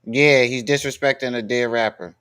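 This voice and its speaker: A man's voice: mid-range voice, steady tone, normal speed, fairly bright tone, clean tone. Male streamer, blunt profane reaction commentary. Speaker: live-stream host reacting to clips. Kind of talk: casual live-stream commentary.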